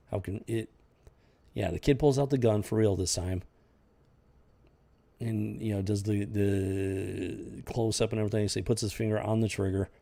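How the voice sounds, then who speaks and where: Gravelly exasperated man ranting. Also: on the low side, fairly even intonation, measured pace, long pauses, mellow. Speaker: podcast host reviewing comics. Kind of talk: casual comic review commentary.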